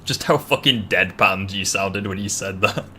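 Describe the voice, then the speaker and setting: A man's voice: sits low, normal speed, sharp tone, slight background noise. A man hosting a casual gaming stream debate, swearing freely and stammering as he restarts sentences. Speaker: streamer host.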